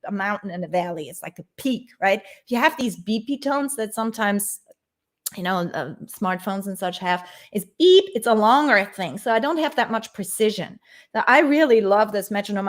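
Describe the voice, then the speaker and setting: A woman teaching bass in a live-streamed lesson, talking informally and laughing easily as she answers viewers. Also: a little hiss or hum.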